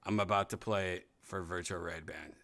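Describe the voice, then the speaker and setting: A man's voice: deep voice, steady tone, normal speed, vocal fry, fairly bright tone. Brash teasing male host. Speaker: podcast host. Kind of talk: casual chat.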